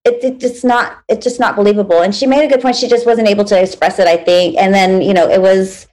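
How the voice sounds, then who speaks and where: Woman, casual co-host; earnest, explains at length, quick to laugh. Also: mid-range voice, steady tone, darkish tone, rough recording. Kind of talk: casual chat.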